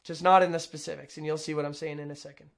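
A man's voice: on the high side, flat delivery, quick pace, vocal fry, background noise. A man commenting casually on a video, rambling and sarcastic, often correcting himself mid-sentence. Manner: rambling, self-interrupting, sarcastic asides.

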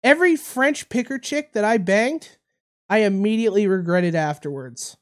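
Crude, rambling Canadian podcast host. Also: male voice, high-pitched, expressive, normal speed. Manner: rambling, laughing at own jokes, crude storytelling. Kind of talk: crude comedic podcast banter.

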